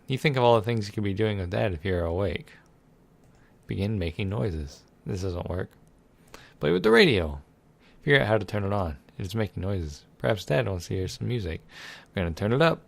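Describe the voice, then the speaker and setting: A man's voice: lowish voice, animated, brisk, creaky. A man reading a text game aloud and adding sarcastic, irreverent commentary, swearing freely. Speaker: let's play gamer.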